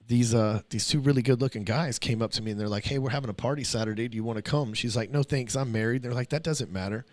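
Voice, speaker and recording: A man hosting a podcast, talking in a casual, profane, emphatic way and telling stories. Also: medium pitch. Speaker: podcast host.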